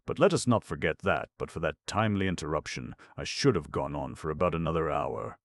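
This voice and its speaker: A man with a very deep, gravelly voice playing a cheerful, verbose young English gentleman in florid speech. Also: a little fast, no echo, clean studio sound. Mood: genial. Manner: florid, long-winded, genial.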